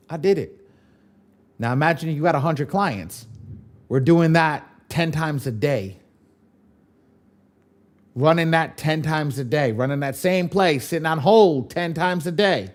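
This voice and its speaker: A man's voice: fairly high pitch, a little mellow. Emphatic man teaching a live class. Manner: emphatic, repeats lines, casual swearing. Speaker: credit repair trainer. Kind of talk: live online training class.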